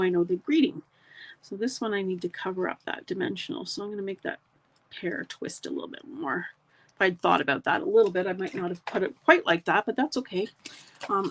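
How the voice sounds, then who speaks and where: A middle-aged woman, chatting casually with live viewers as she demonstrates a craft project step by step. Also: lowish voice. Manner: chatty, talks to live viewers while working.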